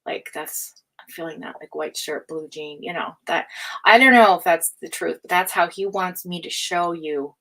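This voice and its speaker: A woman's voice: lowish voice, normal speed, a bit bright, poor audio. A woman giving a live tarot reading, talking casually with lots of fillers, frequent laughs and a bit of swearing. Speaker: tarot reader. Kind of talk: live-stream psychic reading.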